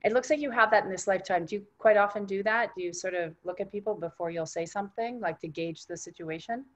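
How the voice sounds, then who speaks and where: A woman guiding an energy-healing session, speaking softly and reassuringly, often dropping to a hushed tone. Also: medium pitch, dull audio. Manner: unhurried, reassuring coaching. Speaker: energy healer.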